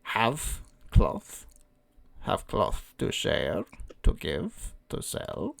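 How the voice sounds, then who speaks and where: Creature trader voiced by a man: crackly, hoarse, very slow, pitch swooping all over, broken phrases. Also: huge pitch swings, heavily acted. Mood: cryptic. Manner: broken clipped speech, slow. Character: ragged shawl creature trader, masked, cryptic.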